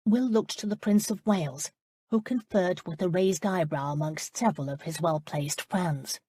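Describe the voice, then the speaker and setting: Give me a woman narrator with a husky, lowish voice, read dry and close. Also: normal speed, dark tone, no room sound. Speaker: audiobook narrator. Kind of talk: scripted narration.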